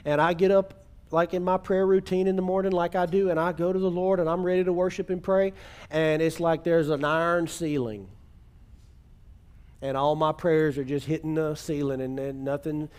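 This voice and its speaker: Earnest preacher man, fairly high voice. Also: flat delivery, darkish tone, smooth. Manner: earnest preaching, slowing on key words, calls for congregation response. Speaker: pastor. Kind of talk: sermon.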